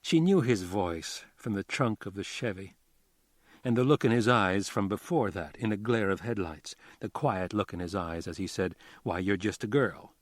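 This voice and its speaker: A man narrating a crime novel audiobook with a calm, measured reading. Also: on the low side, no room sound, clean studio sound. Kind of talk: scripted narration.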